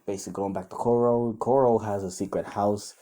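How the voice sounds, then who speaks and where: A young man retells a made-up fan story as it comes to him. He rambles and restarts often. His voice sits fairly low and sounds mellow and dark. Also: steady tone, brisk. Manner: rambling, with many fillers and restarts; quotes characters in his own voice.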